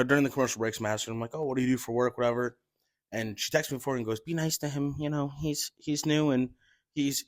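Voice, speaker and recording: Animated storytelling man, dry close sound. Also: mid-range voice, no echo. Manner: animated, swearing, laughing through stories. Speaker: podcast guest telling stories. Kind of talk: casual storytelling chat.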